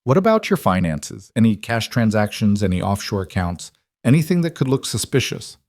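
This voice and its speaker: A man voicing a blunt, seasoned woman lawyer who lays out warnings in a brisk, firm way in an audio story. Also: on the low side, big pitch swings, a little mellow, no room sound.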